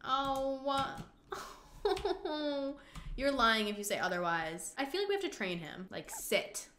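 Excitable young woman, bright echoey voice. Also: a little high, measured pace, a little hiss or hum. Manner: excitable, gasping, exclaiming, swearing at the game. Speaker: gaming channel host. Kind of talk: casual let's-play commentary. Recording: echoey room.

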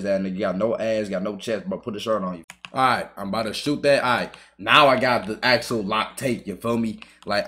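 A man giving live, trash-talking commentary over his own gameplay, excitable and full of swearing. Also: lowish voice. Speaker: gaming YouTuber.

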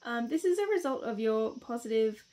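Woman tarot reader, slightly high voice, chatty and reassuring. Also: animated, moderate pace, dark tone. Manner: chatty, reassuring, rambling with fillers. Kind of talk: casual tarot reading to camera.

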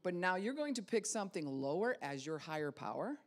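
A woman's voice: on the low side, sing-song, brisk. A woman pastor giving a casual spiritual teaching talk, conversational, with many rhetorical questions and light laughs.

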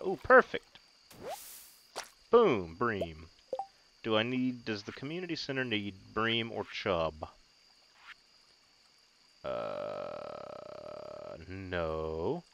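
A man with a fairly low voice gives casual gameplay commentary, joking at his own expense and getting excited over small wins. A steady hiss sits under the home recording. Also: vocal fry. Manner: joking, self-mocking, excitable. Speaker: gaming video host.

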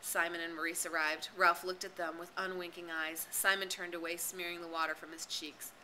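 A woman's voice: fairly low pitch, little pitch movement, fairly quick, heavy background noise. A woman narrating a novel as an audiobook, reading expressively and dramatically. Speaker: reader and tutor.

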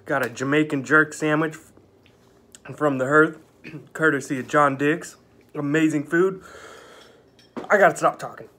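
A man talking slowly in a workplace break room, his mouth burning from a hot pepper. He coughs, gasps and groans in pain between his words, in a casual vlog style. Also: a little high, pushed and bright. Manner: gasping, coughing, pained exclamations. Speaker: vlogger eating hot peppers.

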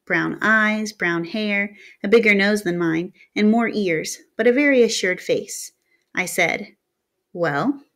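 A woman reading a novel aloud in a steady storytelling manner, narrating in the first person. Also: medium pitch. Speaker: reader. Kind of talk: audiobook narration.

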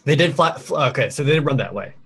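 A man playing in a tabletop game, brisk and quick to exasperation. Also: fairly high pitch, lively intonation, fairly bright tone, slightly rough. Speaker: player. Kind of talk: casual in-character play.

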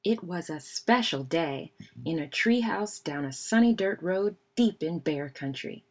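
A woman reading a children's picture book aloud in an expressive storytelling manner. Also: fairly low pitch, unhurried. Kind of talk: children's read-aloud narration.

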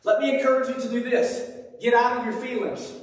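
A man's voice: very high voice, little pitch movement, fairly quick. A man in his thirties preaching a conversational, joking sermon in a church. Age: 30s. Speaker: pastor. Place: church sanctuary. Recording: echoey church hall, mic far off.

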